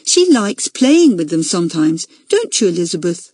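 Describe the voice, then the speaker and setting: A woman's voice: on the low side, very animated, normal speed, darkish tone, breathy edge, dry recording. A woman voicing an eager little schoolgirl who speaks self-importantly. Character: little girl, eager tattletale.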